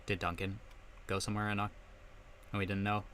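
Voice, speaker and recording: Low-voiced man making wry asides. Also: little pitch movement, fairly quick, a bit bright, a little hiss or hum. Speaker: streamer playing a game with friends. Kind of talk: casual chat.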